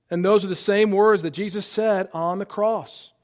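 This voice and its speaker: A man's voice: high-pitched, steady tone, normal speed, hardly any pauses, a little mellow. A male pastor preaching a sermon, reading scripture aloud and building earnest emphasis on key lines.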